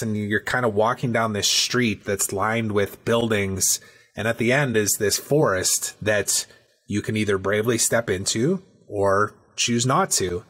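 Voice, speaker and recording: Male podcast host, husky tone, casual and chatty storyteller. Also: on the low side, unhurried. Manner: animated storyteller, peppers talk with "right?" and "man".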